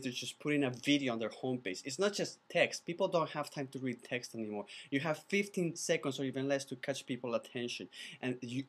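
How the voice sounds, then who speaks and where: A man who is not a native English speaker, pitching his video course in an enthusiastic, chatty way, often restarting his words. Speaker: animated video producer teaching a course. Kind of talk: casual course pitch to camera.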